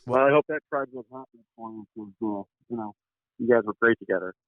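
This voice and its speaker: A man's voice: medium pitch, lively intonation, brisk, vocal fry, no echo. A male caller chatting casually with the host over the phone, an easygoing, enthusiastic fan. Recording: tinny phone line.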